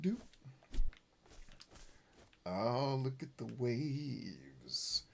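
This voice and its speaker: A gaming host riffs through a playthrough with crude, goofy jokes, often yelling at what's on screen. His voice swings widely in pitch from low mutters to high shouts, sitting mid-range overall. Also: animated, moderate pace. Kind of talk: casual gameplay commentary.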